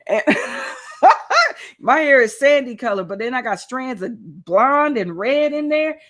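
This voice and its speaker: A woman's voice: sits high, moderate pace. Chatty woman live-streaming, calling listeners honey. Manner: animated, laughs often, calls listeners honey and child. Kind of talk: casual live chat.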